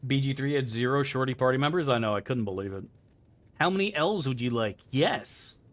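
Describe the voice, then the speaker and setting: Streaming his gameplay live, a young man chats loosely and profanely with his audience, reacting to their messages. He speaks briskly in a mid-range voice with lively intonation.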